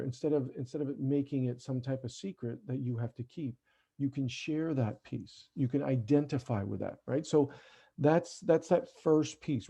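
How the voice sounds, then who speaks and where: A man's voice: medium pitch, creaky, dark tone, breathy edge. A man giving a parenting workshop over a video call, talking conversationally and often checking in with "right?". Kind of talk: online parent workshop talk. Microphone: computer mic on a video call.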